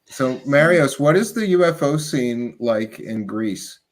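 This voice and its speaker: A man's voice: mid-range voice, animated, a little slow. An easygoing male host running a live panel stream. He chuckles often and keeps things loose and friendly.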